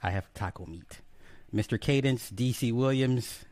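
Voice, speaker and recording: A man's voice: medium pitch, moderate pace, darkish tone, no echo. An adult man hosting a casual live stream, joking, swearing freely and greeting viewers by name one after another. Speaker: livestream host. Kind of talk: casual livestream chat.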